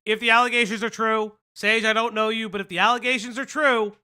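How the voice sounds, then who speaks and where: A stream host giving crude, joking reaction commentary with loud outbursts. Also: mid-range voice, steady tone, fast, clear, resonant tone.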